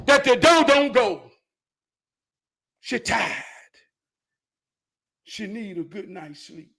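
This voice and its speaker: A man's voice: very high voice, lively intonation, slow, pauses often, bright, forceful tone. A man co-hosting a casual talk show, speaking in an emphatic, preachy way. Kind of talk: casual chat.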